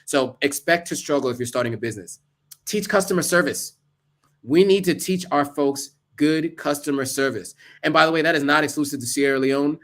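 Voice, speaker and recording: A man's voice: a little high, brisk, fairly bright tone. A man giving earnest, casual advice to camera, listing tips with asides along the way. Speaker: vlogger.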